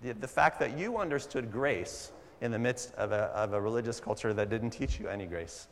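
A man preaching a sermon at a church service, animated and conversational, wandering into asides, in a hall with long reverb. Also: lowish voice, brisk, a little hiss or hum. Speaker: pastor.

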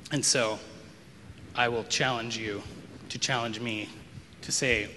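A man's voice: medium pitch, steady tone, slow, bright, forceful tone, slight background noise. A man giving a conversational sermon as a pastor, reflective and loose, with frequent ums and wry asides. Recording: long reverb of a large hall.

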